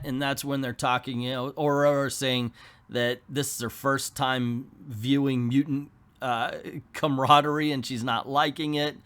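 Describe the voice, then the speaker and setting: A man's voice: medium pitch, flat delivery, measured pace, a bit bright. A man hosting a comic book video, recapping a story in a casual, chatty way with joking asides.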